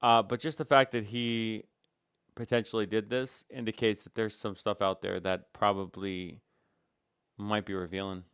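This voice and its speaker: A man's voice: fairly low pitch, flat delivery, moderate pace, fairly bright tone, smooth, no room sound, studio quality. A man giving casual reaction commentary on a stream, talking in a hesitant, musing way with many fillers.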